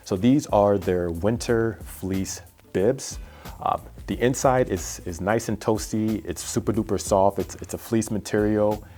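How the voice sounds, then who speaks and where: A man's voice: on the low side, a little slow, mellow, soft background music. A man hosting a cycling vlog, chatting through a casual gear review in a rambling, self-deprecating way with plenty of fillers. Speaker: cycling vlogger.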